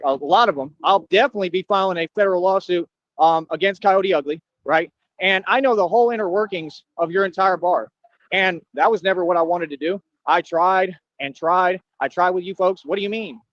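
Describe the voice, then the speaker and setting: In a high-pitched, slightly bright voice, a man rants fairly quickly as a streamer, boasting and taunting his listeners confrontationally. The recording has no echo and a dull lo-fi quality.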